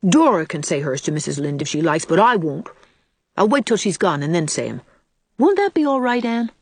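A woman's voice: on the low side, big pitch swings, a little fast, slightly rough, dry recording, heavily acted. A woman reading aloud, voicing a sulky, defiant eight-year-old farm boy who talks bluntly. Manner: whiny, blunt country talk.

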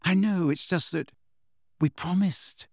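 Guy putting on a higher, brisk schoolgirl voice, bookish and fed up, prim, dry close sound, storybook. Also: very animated, no echo. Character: teenage schoolgirl, earnest, exasperated, bookish.

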